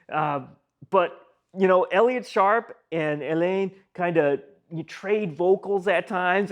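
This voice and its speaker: A man giving a casual, enthusiastic spoken album review, rambling with fillers and asides. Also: fairly high pitch. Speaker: music reviewer.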